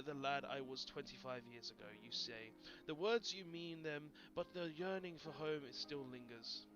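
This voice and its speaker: A man voicing a gruff older male pirate captain, reading slowly and gravely, on dull lo-fi stream audio with faint game music. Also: fairly high pitch, bright, forceful tone.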